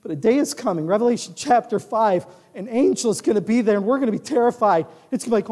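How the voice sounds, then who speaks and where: Male pastor, animated high-voiced sermon delivery, booming church-hall echo. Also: fast, few pauses. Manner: animated, swings from quiet asides to loud declarations. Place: large church sanctuary.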